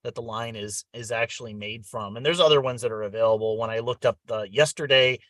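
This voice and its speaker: A man's voice: medium pitch, brisk, a bit bright, dry recording. A man hosting a live radio-hobby show, explaining gear in a practical, matter-of-fact way with some fillers. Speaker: host. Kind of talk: casual show-and-tell chat.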